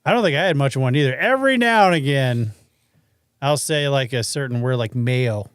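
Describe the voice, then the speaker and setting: A man's voice: mid-range voice, animated, brisk, smooth, no room sound, clean studio sound. A man from Iowa with a slight Midwestern accent, co-hosting a casual podcast chat and putting on silly accents for jokes. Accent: Midwestern hint. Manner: jokey, slips into mock accents for laughs. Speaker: podcast co-host.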